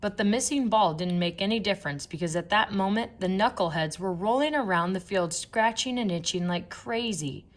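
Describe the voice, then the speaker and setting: A woman narrating a children's book in a playful, expressive storytelling manner. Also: mid-range voice, moderate pace, hardly any pauses. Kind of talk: children's audiobook reading.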